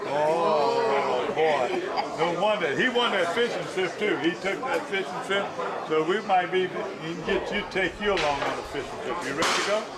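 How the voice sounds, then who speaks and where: A jovial man runs a talk show full of teasing banter. His voice sits a bit high for a man. A loud crowd fills the space around him. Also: normal speed. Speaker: host of a local TV show. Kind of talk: casual talk-show chat.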